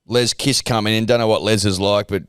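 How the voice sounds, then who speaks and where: A man's voice: fairly low pitch, fairly even intonation, fairly quick, fairly bright tone, smooth, dry recording, clean studio sound. A man with an Australian accent, co-hosting a casual sports podcast, ranting and bantering with lots of swearing. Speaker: podcast co-host. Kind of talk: casual chat.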